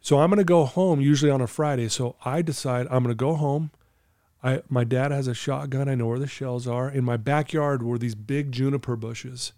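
A middle-aged man recounts his life story with open, earnest candor, sometimes choked with emotion. His tone is mellow and warm, recorded close in a dry, dead space. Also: mid-range voice, steady tone, moderate pace, no echo. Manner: earnest, candid, storytelling with quoted inner thoughts. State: emotional, clearing his throat. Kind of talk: emotional personal testimony.

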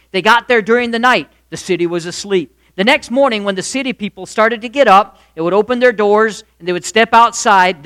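A man preaching a sermon, retelling a Bible story in an animated way and acting out the voices of its figures. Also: high voice. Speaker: pastor.

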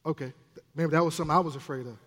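A man minister preaching a sermon in an animated, playful way, with asides to the congregation. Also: on the high side, rapid-fire. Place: church sanctuary. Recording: long church hall reverb.

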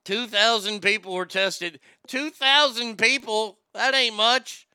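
A man's voice: high voice, slow, sharp tone, clear, resonant tone, no room sound. A man giving a sarcastic, profane comedy rant about a news story and reading chat aloud.

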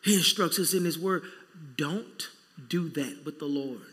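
A male pastor preaching a sermon, casual and animated, acting out quick bits of everyday dialogue. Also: fairly high pitch, husky. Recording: long reverb in a church hall.

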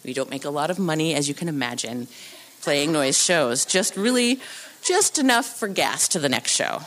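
A woman telling a true story live on a theatre stage into a microphone, animated and acting out the voices of the people in it. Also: deep voice, normal speed, a little hiss or hum. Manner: animated, acts out voices and sounds.

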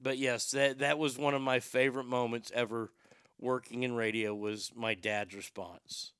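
A male radio host tells personal stories in a loose, rambling way, cursing freely and leaning into dark humor. His voice is bright and crisp, and the recording is dry and close. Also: medium pitch, steady tone, moderate pace, no room sound. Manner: rambling, profane, darkly humorous. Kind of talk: casual storytelling monologue.

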